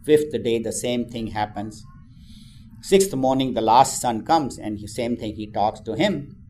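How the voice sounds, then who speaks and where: Mellow man telling a parable. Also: mid-range voice, unhurried, a little hiss or hum. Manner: conversational, with frequent asides. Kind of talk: storytelling a parable.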